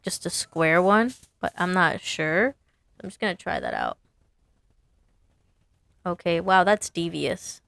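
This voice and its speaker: A woman's voice: fairly low pitch, vocal fry, dry recording. A woman sign designer casually talking through her work, chatty and self-amused, thinking aloud as she designs. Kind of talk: casual design commentary while working.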